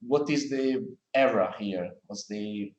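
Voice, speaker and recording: Slow, patient male English teacher. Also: lowish voice, a little mellow, echoey room, lo-fi sound. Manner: patient, explains slowly with examples. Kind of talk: classroom grammar correction. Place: classroom.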